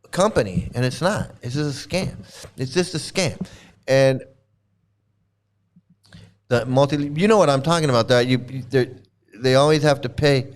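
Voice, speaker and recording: A man's voice: mid-range voice, clear, resonant tone. A man giving casual reaction commentary on clips, rambling and repeating himself, laughing often.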